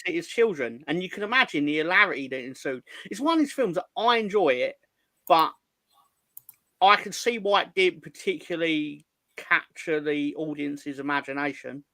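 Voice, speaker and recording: Bright-voiced man chatting casually on a podcast. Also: a little high, moderate pace, dry recording. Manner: rambling, jokey, crude. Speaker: podcast co-host. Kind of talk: casual chat.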